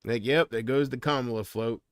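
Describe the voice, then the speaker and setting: A man's voice: medium pitch, fairly even intonation, moderate pace, smooth, no echo, studio quality. Rambling man streaming from home. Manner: rambling and hesitant, trailing off. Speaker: livestreamer. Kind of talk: casual livestream chat.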